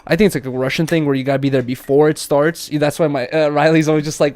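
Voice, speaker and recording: A young man co-hosts a relaxed podcast chat, telling animated stories full of slang and acting out what people said. His voice sits a little high for a man. The mic is close and dry, with no room sound. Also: fast talker, clean tone, no echo. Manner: animated storytelling, acts out quotes, heavy slang. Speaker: podcast co-host. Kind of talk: casual chat.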